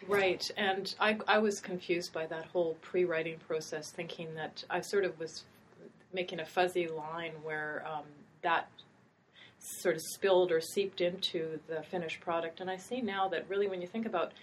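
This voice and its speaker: Thoughtful low-voiced woman writing teacher. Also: fairly even intonation, normal speed, slight background noise. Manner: thoughtful, meandering, with hesitations. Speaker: writing instructor and host. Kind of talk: casual academic conversation.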